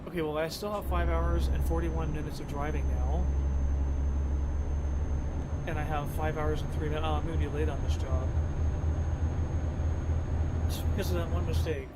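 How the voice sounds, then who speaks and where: A man with a slightly high voice streams a driving game and chats as he goes. He rambles to himself and to his viewers in a casual way. Loud noise sits behind his voice the whole time. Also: steady tone, normal speed, long pauses. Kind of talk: casual live-stream commentary while playing.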